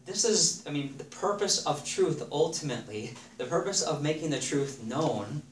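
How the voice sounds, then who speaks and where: A man's expressive, slightly high voice carries an earnest sermon at normal speed. He reads scripture aloud and repeats phrases for weight; the room echoes, the mic is somewhat far off, and faint noise sits underneath.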